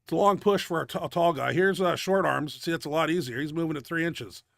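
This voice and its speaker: Gravelly, winded lifting show host. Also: male voice, on the high side, quick pace, a bit bright, no echo, studio quality. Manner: blunt, profane gym talk. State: winded and out of breath. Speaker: host of a powerlifting video show. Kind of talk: casual commentary over lifting videos.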